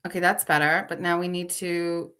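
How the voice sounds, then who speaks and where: A woman's voice: fairly low pitch, little pitch movement, normal speed, a bit bright, smooth. A woman hosting a livestream in casual chat, flustered and talking to herself while she fixes her stream settings live. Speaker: show host.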